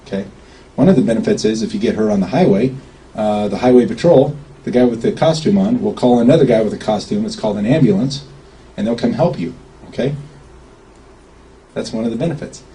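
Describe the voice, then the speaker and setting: A man's voice: medium pitch, warm tone. A man giving an informal talk to a group standing around, chatty and often checking in with an "okay?". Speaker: speaker at a gathering. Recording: distant mic with faint background noise.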